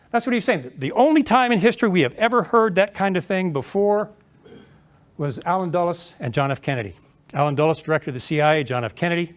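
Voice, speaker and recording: A middle-aged man and former intelligence officer giving an emphatic talk to an audience, asking rhetorical questions. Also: fairly high pitch. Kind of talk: speech to an audience.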